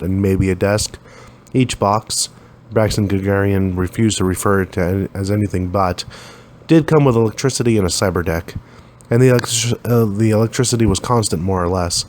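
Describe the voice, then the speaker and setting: Low-voiced man reading a story. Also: brisk, a little mellow. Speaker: narrator. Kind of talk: reading a science fiction serial aloud.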